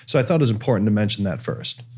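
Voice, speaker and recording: A man's voice: on the low side, expressive, very fast, a little mellow, breathy edge. A man from Cleveland hosting a casual talk show, telling a story with lots of fillers and restarts. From Cleveland, USA. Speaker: podcast host. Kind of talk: casual chat.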